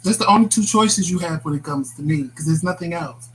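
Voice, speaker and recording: A man's voice: on the high side, brisk, rough recording. A man with a New York accent co-hosting a casual talk show, speaking in a sassy, emphatic way and repeating himself for effect. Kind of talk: casual live-stream chat.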